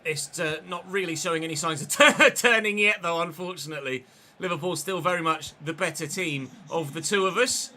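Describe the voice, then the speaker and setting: A man's voice: fairly high pitch, fairly quick, sharp tone, a little hiss or hum. A man live-streaming a football game, giving play-by-play commentary with chatty asides to viewers. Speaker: gaming streamer.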